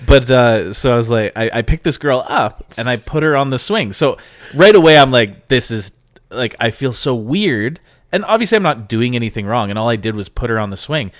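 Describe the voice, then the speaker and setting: A man's voice: medium pitch, brisk, dry recording, clean studio sound. A man from Canada co-hosting a podcast, telling a story in casual chat and mimicking the people in it. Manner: animated storytelling, mimics voices in quotes. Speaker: podcast co-host.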